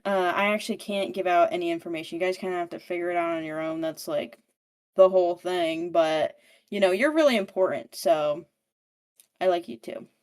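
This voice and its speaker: A woman's voice: on the low side, brisk, darkish tone, close to an everyday voice. A woman doing a chill friendly creature dude. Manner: easygoing, chatty slang. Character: friendly laid-back male mythological creature.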